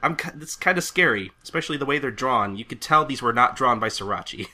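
A man's voice: mid-range voice, quick pace. A man co-hosting a podcast, recapping a comic scene in casual chat, often stammering and restarting. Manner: stammering, animated retelling with laughs. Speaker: podcast co-host.

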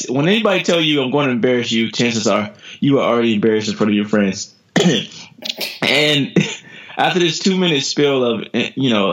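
An American man in his thirties speaks as a podcast guest at a middle pitch. He tells motivational stories with energy, often repeating words and laughing. The audio sounds dull and lo-fi. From United States. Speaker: guest, sprinter.

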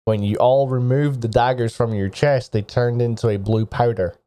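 A man narrating a tabletop game as game master who speaks haltingly, with frequent restarts. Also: mid-range voice, steady tone, dark tone.

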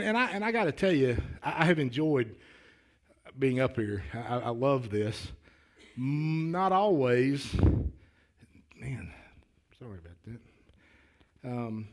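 A man preaching a sermon in a folksy, earnest way, often repeating words as he starts a thought and building to louder, emphatic declarations. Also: mid-range voice. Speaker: lay preacher.

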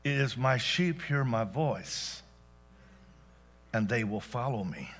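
A man preaching a sermon as pastor, dynamic, swinging from loud exclamations to hushed asides. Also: mid-range voice, expressive, takes it slowly.

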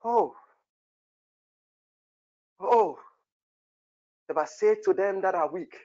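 A man leading a prophetic prayer session, shouting in fervent bursts, repeating phrases and breaking into tongues, with a gravelly voice. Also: high-pitched, slow, pauses often, dull audio.

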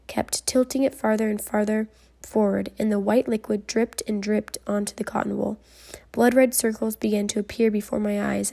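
A woman reading a memoir aloud in a measured storybook manner, dropping to a soft whisper at tense moments. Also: mid-range voice, creaky. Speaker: reader.

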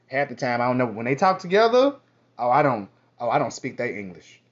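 A man's voice: mid-range voice, sing-song, fairly quick. A man speaking to the camera in a sassy, profane, rambling casual monologue. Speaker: vlogger. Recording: dull lo-fi audio.

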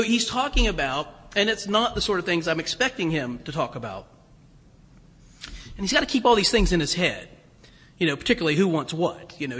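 A man's voice: a little high, pushed and bright, slightly rough. A man preaching a storytelling sermon in a church, chatty and hesitant, full of fillers and restarts. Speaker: pastor. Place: church sanctuary. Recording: long reverb of a church hall.

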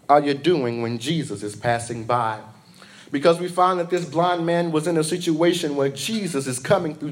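A man preaching an impassioned evening sermon, swinging between loud calls and soft asides, drawing responses from the congregation. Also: fairly high pitch.

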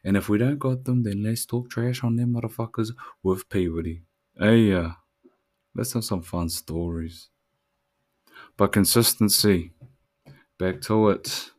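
A man's voice: on the low side, measured pace, long pauses, darkish tone. A man, hosting a solo podcast in a laid-back, slangy way that turns reflective. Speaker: podcast host. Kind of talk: casual solo podcast chat.

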